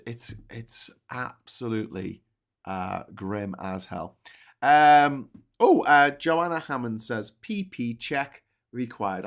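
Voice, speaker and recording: A British man co-hosts a live news stream in loose, casual chat. He rambles, trips over and restarts his sentences, and slips in jokes, at a middling pitch. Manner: rambling, self-correcting, jokey.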